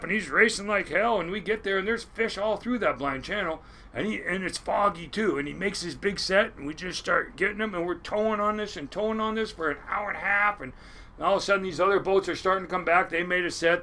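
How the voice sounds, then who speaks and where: A man's voice: high voice, sharp tone. A man, telling a rambling, profane fishing story in casual conversation and acting out the voices of the people in it. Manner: rambling, profane, laughs often, acts out voices. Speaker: storyteller guest.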